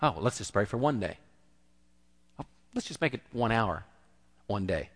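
A man's voice: lowish voice, big pitch swings, normal speed, husky. Man preaching in an echoing hall. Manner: conversational preaching, acts out the quoted voices. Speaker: pastor. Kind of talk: sermon.

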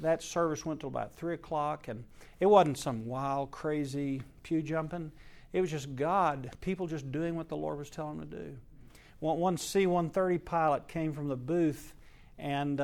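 Gravelly pastor telling a story. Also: male voice, on the high side. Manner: earnest, emphatic, voices swell then drop soft. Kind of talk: sermon storytelling.

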